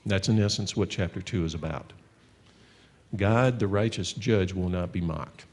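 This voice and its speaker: A man with a low voice preaches in a church hall with a long reverb. He teaches in an earnest, conversational way and reads scripture aloud. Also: expressive, normal speed, a little mellow. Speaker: pastor. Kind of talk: sermon teaching.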